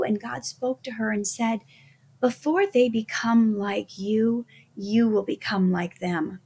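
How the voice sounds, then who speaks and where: A woman's voice: a little high, slow, slightly rough. A middle-aged woman, an actress, speaking earnestly as a guest in a conversational interview. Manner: earnest, faith-focused storytelling.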